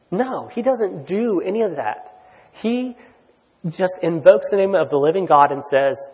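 A man preaching a sermon in a conversational, excitable way, with lots of "like" and "you know". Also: high voice, measured pace, breathy edge. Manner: conversational, filler-heavy, excitable. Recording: long hall reverb.

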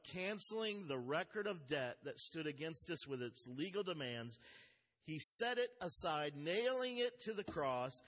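A man's voice: fairly high pitch, fairly bright tone. A man preaching a sermon as a pastor, speaking earnestly and reading scripture aloud with emphasis. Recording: long hall reverb.

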